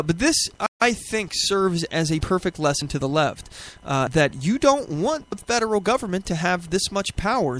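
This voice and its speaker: A man hosting a political talk show, giving argumentative commentary with rhetorical questions and frequent restarts. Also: sits high. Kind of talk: opinionated commentary.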